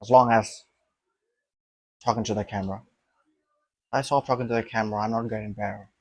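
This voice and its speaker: A man's voice: lowish voice, steady tone, fairly quick, no room sound. A young man vlogging to his camera, thinking aloud in an emphatic, rambling way, repeating himself and swearing.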